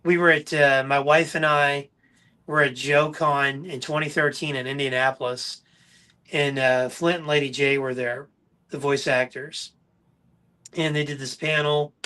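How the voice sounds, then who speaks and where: A man hosting a casual podcast chat, his voice bright and a touch higher than most men's. He tells stories eagerly and keeps the talk lively and friendly. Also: measured pace. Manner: enthusiastic storyteller. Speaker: podcast host.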